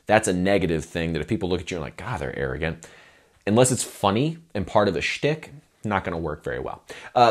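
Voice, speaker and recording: Lively low-voiced man coaching. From Oklahoma, USA. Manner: animated, acts out crowd scenes, playful. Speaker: performance coach. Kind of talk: instructional talk to camera.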